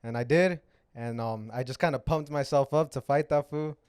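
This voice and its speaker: A man's voice: mid-range voice, moderate pace, darkish tone, clear, resonant tone, no room sound, studio quality. A young man chatting as a podcast guest, laid-back and short-spoken. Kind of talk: casual chat.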